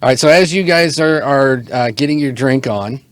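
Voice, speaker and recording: A man narrating as game master of an online tabletop game, halting and relaxed, with lots of fillers. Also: medium pitch, dry recording.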